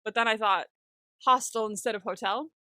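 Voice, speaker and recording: A young adult woman co-hosting a podcast in casual chat, excitable, swearing freely and laughing often. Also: a little high, moderate pace, no room sound, studio quality. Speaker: podcast co-host.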